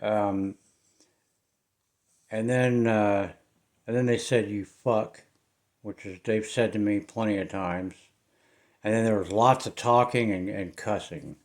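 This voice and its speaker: A middle-aged man with a Southern US accent, telling a ghost story in a casual, rambling way to his viewers, often trailing off into quiet mumbles. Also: fairly low pitch, fairly even intonation, a little slow, long pauses. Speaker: paranormal investigator vlogger.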